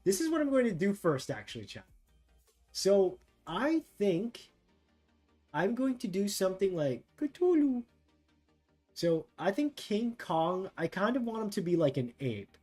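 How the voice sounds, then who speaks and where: Male art streamer, fairly high voice, casual think-aloud chat with faint music behind. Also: big pitch swings. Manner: musing, reads text aloud haltingly and thinks out loud. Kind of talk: casual livestream chat while drawing.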